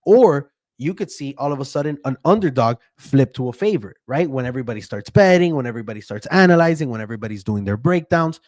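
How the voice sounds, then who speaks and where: A man's voice: medium pitch, animated, quick pace, hardly any pauses, a little mellow, no room sound, clean studio sound. A man who handicaps bets, giving a casual, profane fight breakdown and keeps checking in with "right?". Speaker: MMA betting handicapper.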